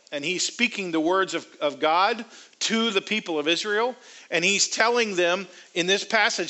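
A man preaching a sermon, reading scripture aloud slowly and emphatically between plain explanations. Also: high-pitched, pushed and bright. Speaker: pastor.

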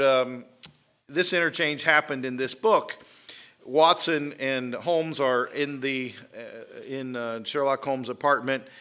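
A man's voice: medium pitch, bright, forceful tone. A man giving a conversational talk to a live audience, with fillers and rising emphasis on key points. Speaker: speaker.

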